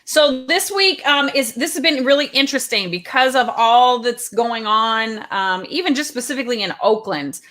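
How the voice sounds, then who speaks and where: A woman's voice: a little high, lively intonation, normal speed, few pauses, a bit bright. A woman co-hosting a live online talk show, talking in a chatty, loose way with lots of ums. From California. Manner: chatty, with many ums and uhs. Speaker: co-host.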